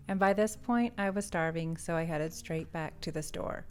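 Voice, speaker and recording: A woman, an artist and shop owner, narrating her vlog in a calm, matter-of-fact voice-over. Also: lowish voice, normal speed. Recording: voice-over with faint background music.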